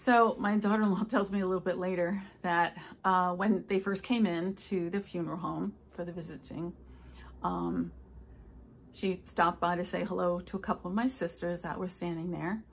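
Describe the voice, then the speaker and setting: An older woman, a stitching vlogger, chatting casually and telling rambling stories with soft asides. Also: lowish voice, steady tone, moderate pace, slightly rough. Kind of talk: casual chat.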